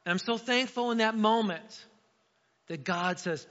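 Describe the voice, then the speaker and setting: A man's voice: high-pitched, unhurried. A middle-aged man preaching a casual, story-driven sermon to his church, often acting out voices in asides. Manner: conversational, animated storytelling with acted asides. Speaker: pastor. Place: church sanctuary. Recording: dull sound with long hall reverb.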